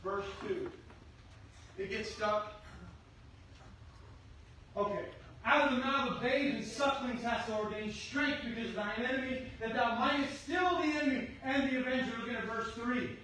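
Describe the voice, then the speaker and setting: A middle-aged man preaching a sermon as pastor, fervently shouting his exhortations to the congregation. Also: very high voice, moderate pace. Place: church sanctuary. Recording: echoey sanctuary from far off with faint hum.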